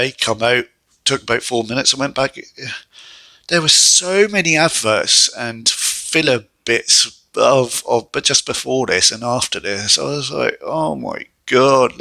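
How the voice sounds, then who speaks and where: Chatty man with gravelly bright voice. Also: medium pitch, dry recording. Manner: chatty, animated, exasperated asides. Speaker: wrestling reviewer. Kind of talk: casual solo review.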